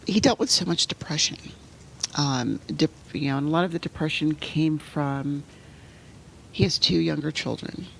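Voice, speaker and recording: A middle-aged woman telling a painful personal story as an interview guest, halting and full of fillers, sometimes sinking to a near-whisper. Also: deep voice, vocal fry, a little hiss or hum. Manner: halting, full of "you know" fillers and restarts; drops to a soft near-whisper at painful moments. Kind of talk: emotional personal storytelling in conversation.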